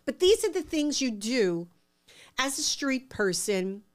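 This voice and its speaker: Middle-aged new york lady spinning animated stories, plays out the voices. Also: high-pitched, a little slow. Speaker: interview guest. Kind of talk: casual storytelling.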